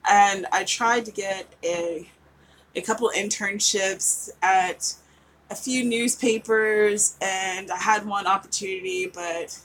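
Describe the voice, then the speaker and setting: A woman's voice: mid-range voice, fairly even intonation, takes it slowly, a bit bright, slight background noise, poor audio. A woman in her forties from West Virginia, an author chatting casually with viewers during a live writing session, giggly and rambling. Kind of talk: casual livestream chat.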